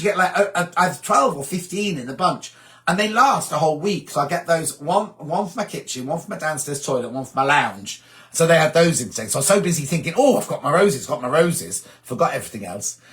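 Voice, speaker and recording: A man's voice: a little high, a bit bright. A middle-aged man from England chatting casually on a live stream, reading viewers' comments aloud and answering them. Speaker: host of a sewing live stream.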